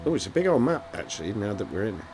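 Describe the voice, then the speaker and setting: A man's voice: fairly low pitch, big pitch swings, very fast, music in the background. A man giving casual, sarcastic commentary while playing a video game. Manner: sarcastic, mocking. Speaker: let's play host.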